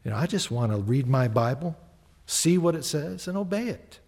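A man, a pastor, preaching a sermon in a conversational, animated way, often acting out little exchanges of dialogue. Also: on the high side, moderate pace, creaky, in a large hall.

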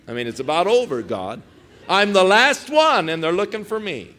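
A preacher doing a desperate old prophet. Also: male voice, sing-song, moderate pace, sharp tone, full character voice. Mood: desperate pleading. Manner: pleading, rising to a high urgent pitch. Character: frantic old male prophet, self-pitying.

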